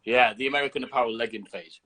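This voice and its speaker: A man's voice: mid-range voice, fairly even intonation, fast talker, bright, forceful tone, husky. A man hosting a casual livestream chat from home on his phone, laid-back and swearing freely. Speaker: host.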